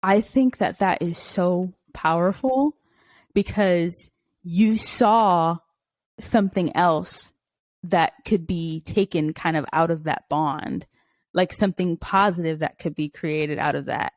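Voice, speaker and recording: Laughing, animated young woman co-host. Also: on the low side, takes it slowly, no echo. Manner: laughs often, candid and animated storyteller. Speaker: podcast co-host. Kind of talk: casual chat.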